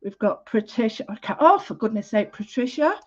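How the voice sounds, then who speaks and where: A woman's voice: fairly high pitch, sing-song, a little fast, dull audio. A woman, hosting a casual livestream art lesson, chatty and full of greetings, often interrupting herself. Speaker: art class host.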